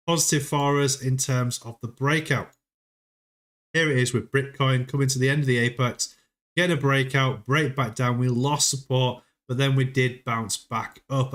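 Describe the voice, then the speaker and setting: A man hosting a casual crypto livestream, laughing often between his unhurried remarks. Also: mid-range voice, fairly bright tone.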